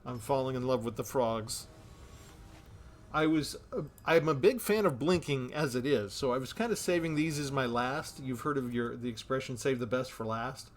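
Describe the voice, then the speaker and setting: A man's voice: medium pitch, moderate pace. A man giving casual commentary on a card game he is playing, thinking aloud about his moves.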